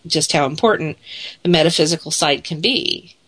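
A woman's voice: sits low, fairly bright tone, husky. A woman co-hosting a casual radio talk show, her nose stuffed up from allergies, chatty and joking. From Pacific Northwest. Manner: chatty, joking, quick laughs.

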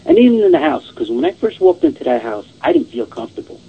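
A man's voice: a little high, big pitch swings, fast talker, slightly rough, phone-quality sound. A man casually telling a long ghost story, rambling and repeating "I says" and "she goes".

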